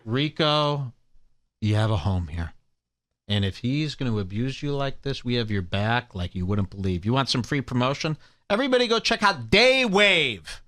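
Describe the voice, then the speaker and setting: A man hosting a live stream, mocking a rival show with sarcastic, salesman-like pitches. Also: lively intonation, moderate pace, no echo. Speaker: host. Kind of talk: mock-promotional live stream commentary.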